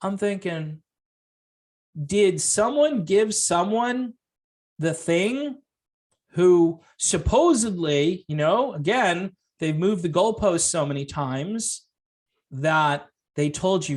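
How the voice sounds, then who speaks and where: A man's voice: high voice, expressive, slow, a little mellow. A man delivering a sarcastic opinion rant as a music commentary vlogger, full of rhetorical questions.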